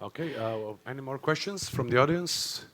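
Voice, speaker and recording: A man's voice: medium pitch, lively intonation, normal speed, a bit bright. Man moderating a Q&A. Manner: brief, switches between English and Serbian. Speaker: event moderator.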